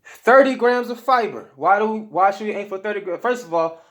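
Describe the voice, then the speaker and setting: A man's voice: high-pitched, fairly quick. A man giving diet advice to camera in a casual motivational talk, emphatic and slangy, often asking "okay?". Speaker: health vlogger.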